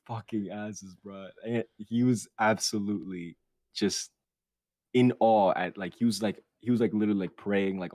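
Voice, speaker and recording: A man's voice: fairly low pitch, normal speed, no room sound. Profane young man telling a story. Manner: animated and profane, quotes others in put-on voices. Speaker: podcast co-host. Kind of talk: casual storytelling.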